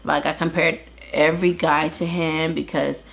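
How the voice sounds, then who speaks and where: A woman's voice: sits low, flat delivery, moderate pace, creaky. A woman in her thirties, an interview guest earnestly telling her own story with many restarts. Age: 30s. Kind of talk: candid personal testimony.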